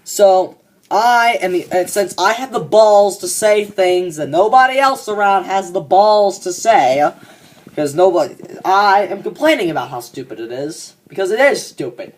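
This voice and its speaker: A fan performer takes on a swaggering young man who goes off about a coworker, profane and self-satisfied, in a comic monologue. Delivery is expressive and moderately paced at medium pitch, much like an ordinary speaking voice.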